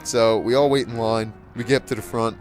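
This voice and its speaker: A man's voice: mid-range voice, steady tone, fairly quick, music in the background. A man casually telling a rambling story with frequent chuckles and fillers, as a gaming channel host. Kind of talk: casual storytelling over gameplay.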